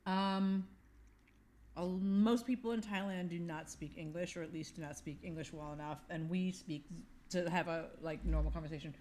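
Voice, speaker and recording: A woman in her fifties co-hosting a podcast, telling a travel story in a casual, animated way and acting out the voices of the people in it. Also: on the low side, normal speed. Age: 50s. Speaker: podcast co-host. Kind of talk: casual chat.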